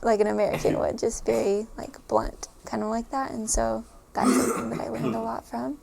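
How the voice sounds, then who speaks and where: A woman with a higher-pitched, steady voice talks a bit quickly, with some vocal fry and a slightly mellow quality, over a faint hiss or hum. Chatting casually to the camera, she giggles often and uses plenty of fillers while recalling her stay abroad.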